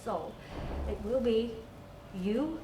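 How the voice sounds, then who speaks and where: A woman teacher with a Hong Kong English accent, walking her students through a lesson. Her voice is high and sing-song, and she spells words out letter by letter. It was recorded in a school room from some distance off the mic, so the sound is echoey with a faint hiss. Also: animated, slow. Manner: explains step by step, spells out letters, many fillers. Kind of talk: recorded class lesson on campus TV.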